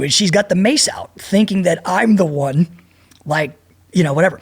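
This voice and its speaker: A middle-aged man telling a profane, animated story as a podcast guest and acting out the people in it. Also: high voice, normal speed, slightly rough. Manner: profane, animated, acts out voices in his anecdote. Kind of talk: storytelling in a casual interview.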